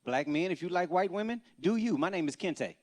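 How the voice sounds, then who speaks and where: An animated male stand-up comedian, working a live audience from a church stage. His voice sits a little high for a man, and he tells punchy stories that break into loud bursts. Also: brisk, a little hiss or hum.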